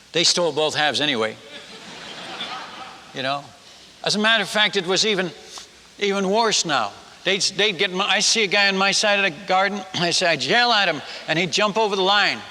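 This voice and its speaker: Older dutch guy telling a funny sermon story, high bright voice, big hall echo. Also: slight background noise. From Netherlands. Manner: animated, acts out villagers and his wife in quotes. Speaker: missionary speaker. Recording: long hall reverb.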